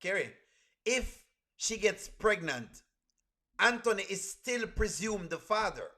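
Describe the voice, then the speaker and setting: A man, reacting live to a video for his stream chat, animated and repeating his exclamations again and again. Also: high voice, takes it slowly.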